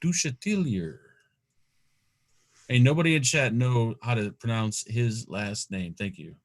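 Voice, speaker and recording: A man's voice: medium pitch, animated, normal speed. Playful joking male co-host. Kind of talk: casual live-stream banter.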